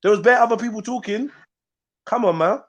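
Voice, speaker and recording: A man's voice: sits high, brisk. A man hosting a casual livestream, teasing his guests and laughing often. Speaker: livestream host.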